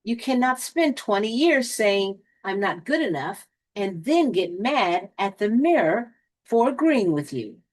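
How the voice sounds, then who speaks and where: A woman giving a spiritual motivational talk, speaking deliberately with dramatic pauses and a touch of sarcasm. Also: a little high, sing-song. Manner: lightly sarcastic.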